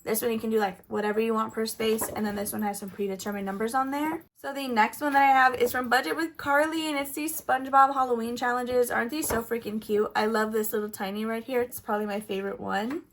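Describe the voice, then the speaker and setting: A chatty woman hosting a budgeting vlog, counting bills out loud and dropping little giggly asides. Her voice sits a touch high, and she keeps a relaxed, conversational flow. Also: quick pace, few pauses, a little hiss or hum. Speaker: budgeting vlogger. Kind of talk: casual vlog narration.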